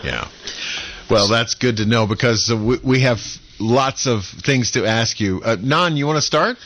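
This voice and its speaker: A man's voice: medium pitch, a little slow, fairly bright tone, no room sound. A man co-hosting a radio show, asking the guest questions in an easygoing way. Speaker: radio co-host. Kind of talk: hosted radio talk.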